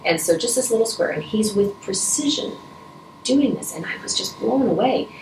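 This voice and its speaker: A middle-aged woman, a Rotary vice president, answers interview questions earnestly and emotionally, restarting often and choking up at times. Her medium-pitched voice is expressive with a darkish tone at a moderate pace, recorded from a distance in an echoey room with faint noise.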